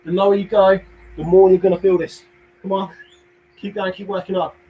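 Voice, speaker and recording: A man's voice: high-pitched, level tone, brisk, phone-quality sound, slight background noise. A young man with a London accent leading a live home workout class, counting down reps, cheering people on and cracking small jokes. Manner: upbeat, counts reps, jokey asides, cheers viewers on. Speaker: fitness instructor.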